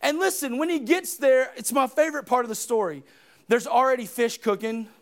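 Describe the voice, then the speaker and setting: A man preaching a sermon in church, swinging between loud shouted passages and quiet, hushed retellings of scripture scenes. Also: very high-pitched, fairly quick.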